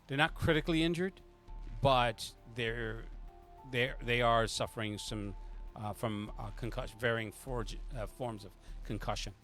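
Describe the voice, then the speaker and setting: A man running a tabletop game as game master, narrating in a loose, improvised, halting way. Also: lowish voice, fairly even intonation, a bit bright, faint music behind.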